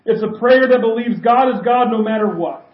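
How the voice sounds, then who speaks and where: A pastor with a high voice for a man delivers a sermon and keeps turning rhetorical questions on his listeners. His words ring around a reverberant church. The sound is slightly muffled and dull. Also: fairly quick. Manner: asks the congregation many rhetorical questions.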